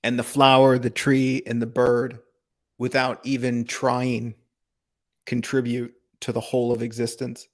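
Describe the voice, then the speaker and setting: Slow, gravelly-voiced man, calm spiritual talk. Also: mid-range voice. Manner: calm, contemplative, asks rhetorical questions, laughs softly. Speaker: spiritual teacher hosting a live broadcast.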